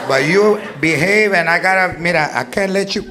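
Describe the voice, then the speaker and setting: A man's voice: high-pitched, normal speed, noisy background, pitched below the performer's own voice, lightly acted. A man voicing a short-tempered mother scolding her seven-year-old son, with a Mexican Spanish accent, switching between Spanish and English. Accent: Mexican Spanish code-switching. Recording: live stand-up with loud crowd laughter.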